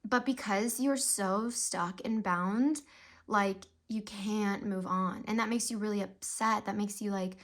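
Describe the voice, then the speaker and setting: A woman's voice: medium pitch, fairly even intonation, unhurried. A young woman giving a casual, emotional tarot reading to camera, chatty and full of fillers and sighs. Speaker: tarot reader.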